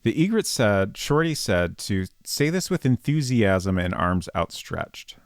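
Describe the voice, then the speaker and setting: A man with a low, gravelly voice chats his way through a text adventure on stream. His pitch moves a lot as he thinks aloud, and the recording is close and dry. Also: big pitch swings, measured pace, dry recording. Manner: chatty, thinks aloud, reads game text. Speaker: game streamer. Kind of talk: casual live-stream commentary.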